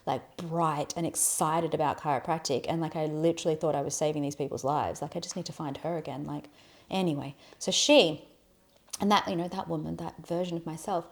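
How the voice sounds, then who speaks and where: A young adult woman on a podcast, telling a story in a lively, casual way, swearing and acting out quotes in a loud voice. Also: sits low, brisk. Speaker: podcast co-host.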